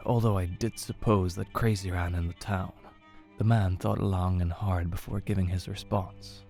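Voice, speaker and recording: A man narrating a horror story in a measured, low-key way. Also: little pitch movement, creaky, mellow, faint music behind.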